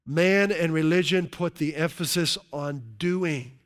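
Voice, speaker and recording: Pastor, male, slightly high pitch, emphatic sermon delivery with stretched key words. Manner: emphatic preaching with drawn-out key words and frequent "right?".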